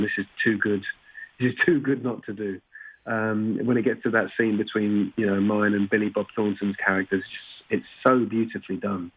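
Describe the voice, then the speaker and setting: Husky man on a tinny remote line. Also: lowish voice. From Britain. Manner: frequent restarts and "you know" fillers. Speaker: actor guest. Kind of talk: casual interview chat.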